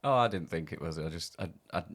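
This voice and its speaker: Man, South Yorkshire accent, low voice, chatty podcast host, laughs along. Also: expressive, quick pace, a bit bright. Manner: chatty, laughing, friendly interviewer. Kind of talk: casual chat.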